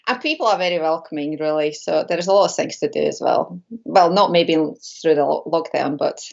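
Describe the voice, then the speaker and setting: A woman's voice: deep voice, normal speed, creaky, a little mellow. A woman guesting on a casual live-stream chat, friendly and agreeable. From Scotland. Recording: dull lo-fi call audio.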